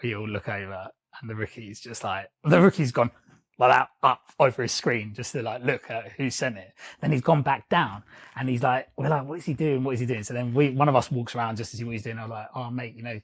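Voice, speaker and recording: A man's voice: medium pitch, brisk. Laughing man telling stories. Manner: animated storyteller, laughs often, swears casually. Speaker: podcast co-host. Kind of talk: casual storytelling chat.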